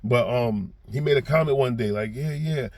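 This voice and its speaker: A man's voice: mid-range voice, normal speed. A man with a New York accent giving a casual commentary monologue as a reaction vlogger, rambling with repeated restarts and growing heated when he acts out quotes. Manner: gets loud and heated when acting out quotes.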